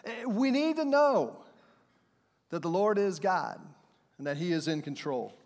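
A man's voice: high voice, big pitch swings, measured pace, a little mellow. A middle-aged man preaching a sermon as pastor, talking conversationally, slipping into playful acted voices and laughing along with his points. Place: church sanctuary. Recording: long hall reverb.

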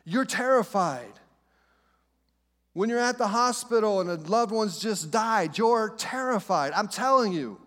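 A middle-aged pastor delivers a sermon in a fairly high, bright voice with lively intonation. He relies on dramatic pauses and repeats his reassurances again and again, his words carrying a long reverb like a church sanctuary.

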